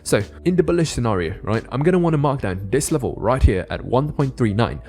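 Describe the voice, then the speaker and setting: A man giving a casual crypto chart analysis, often checking in with the listener with quick tag questions. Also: mid-range voice, big pitch swings, darkish tone. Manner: casual, keeps adding "right?" tag questions. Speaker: crypto trading YouTuber.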